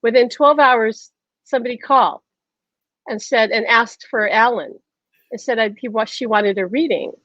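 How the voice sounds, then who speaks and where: A woman hosting a show, telling a personal story in an animated way, laughing often and acting out conversations in quotes. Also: a little high, normal speed, no room sound, muffled recording. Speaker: host.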